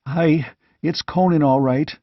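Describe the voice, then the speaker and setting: A fearful, wealthy merchant , put on by a male narrator, who begs and frets in a raised, anxious voice. His words come hushed and pleading. The audiobook recording is dry and a little dull. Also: fairly high pitch, steady tone, a little slow, dry recording, voice pushed up. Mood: startled.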